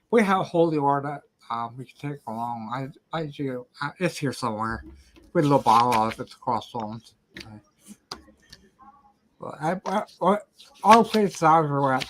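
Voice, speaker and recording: A host in a casual chat, talking haltingly and often repeating words. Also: mid-range voice, expressive, noisy background.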